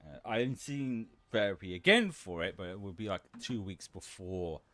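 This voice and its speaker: A man with a deep voice chatting casually on a live stream, rambling and restarting his sentences, often giggling. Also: animated, moderate pace, a bit bright, no echo. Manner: rambling, self-interrupting, giggly.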